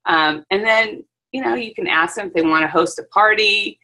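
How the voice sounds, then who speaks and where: A woman who owns a hair salon, chatting on a video call in a lively storytelling way, with plenty of fillers. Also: mid-range voice, normal speed, low-quality recording. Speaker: salon owner and hairstylist. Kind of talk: casual chat on a video call.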